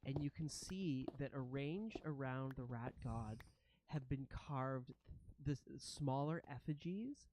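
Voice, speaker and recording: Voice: mid-range voice, slow pace, dark tone, slight background noise. A game master narrating a tabletop fantasy game, often chuckling between lines.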